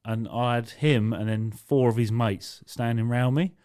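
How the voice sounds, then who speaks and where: A man's voice: medium pitch, fairly even intonation, moderate pace, a little mellow, clear, resonant tone. A man, a podcast co-host and doorman, telling a blunt, rambling, sweary story in casual chat. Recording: raw, unedited podcast.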